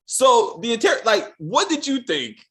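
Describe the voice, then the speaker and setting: A man hosting a casual film review chat, profane and animated, often stumbling and restarting as he acts out quotes. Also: extremely high pitch, unhurried. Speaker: podcast host.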